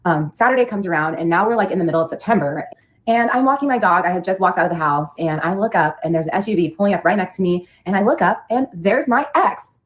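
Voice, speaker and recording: A woman telling a personal story in a fast, animated, chatty way. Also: lowish voice, rough recording.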